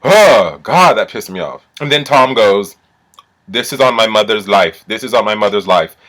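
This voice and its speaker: A man with a lowish voice rants through a casual recap as a vlogger. He is animated and profane, and he swings between muttered asides and loud, indignant bursts. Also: moderate pace.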